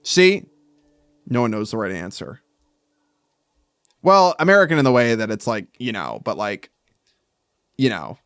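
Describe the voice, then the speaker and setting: A man streaming while he draws, reading viewer comments aloud and breaking into loud mock outrage with swearing. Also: medium pitch, big pitch swings, a little slow, pauses often, clean tone, dry recording, clean studio sound, soft background music. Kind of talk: casual live-stream chat while drawing.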